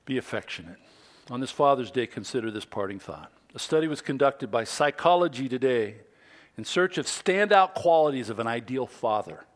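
A middle-aged man preaching a Father's Day sermon in a conversational way, with homey asides and hushed, tender moments. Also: mid-range voice, lively intonation, normal speed. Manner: conversational preaching with quoted asides, dropping to soft whispers. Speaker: pastor.

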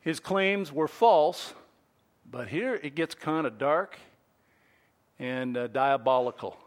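A man delivers a sermon in a high voice that leaps around in pitch. He speaks at an unhurried pace, breaking into playful acted-out bits to drive his points home. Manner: animated, playful storytelling with acted-out quotes. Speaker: preacher.

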